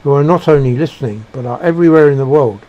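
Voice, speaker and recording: A man giving a reflective monologue, halting and searching for words with frequent restarts. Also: medium pitch, warm tone, muffled recording. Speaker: speaker sharing personal beliefs.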